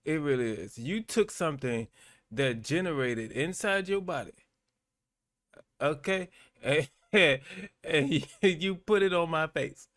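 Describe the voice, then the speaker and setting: A man hosting a reaction video, chatty and animated and often laughing. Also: a little high, slow pace, no echo, studio quality. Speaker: YouTube host reacting to clips. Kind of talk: reaction commentary.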